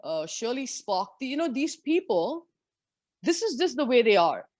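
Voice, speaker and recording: A woman in her forties from India, a former professional golfer, telling lively and candid stories as an interview guest. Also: a little high, a little slow, dry recording. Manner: lively, candid anecdotes with frank swearing. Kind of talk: storytelling in a conversation.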